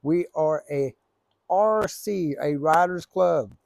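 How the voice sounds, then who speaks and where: A man's voice: a little high, slow, gravelly, darkish tone. A man telling rambling, profane stories in a casual, laid-back way. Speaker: storyteller. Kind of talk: casual storytelling.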